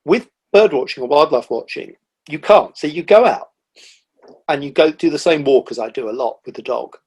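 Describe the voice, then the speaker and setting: A middle-aged man, a guest on a podcast, telling animated stories about the wildlife he sees, with lively quoted asides. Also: on the high side, normal speed, slightly rough. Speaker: guest, nature writer. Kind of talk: casual conversational interview.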